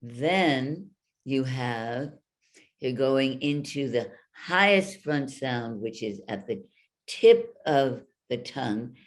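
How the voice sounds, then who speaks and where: Her voice is extremely low-pitched and expressive. She's a voice coach leading an online workshop over a video call, explaining sounds and demonstrating them with drawn-out vocal examples.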